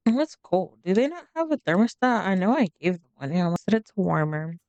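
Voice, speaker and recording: A woman's voice: mid-range voice, very animated, brisk, darkish tone, dry recording, highs cut off. A woman casually narrating her life-simulation gameplay in a chatty, rambling way. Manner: chatty, rambling, with fillers and asides. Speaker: game streamer narrating gameplay. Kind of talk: casual let's-play commentary.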